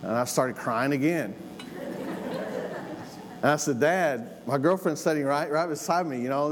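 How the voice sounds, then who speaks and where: A man's voice: on the high side, measured pace, pauses often. Middle-aged man, sermon storyteller, folksy and earnest, repeats for emphasis; long hall reverb, faint room hiss.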